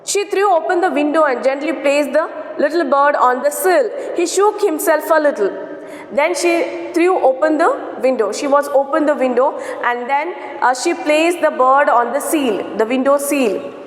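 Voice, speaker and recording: High-voiced woman teacher in an echoey room. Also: normal speed. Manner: reads a passage, then paraphrases it in simple words, often saying "okay". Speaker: English teacher. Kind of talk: explaining a story text line by line. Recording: echoey room with long reverb.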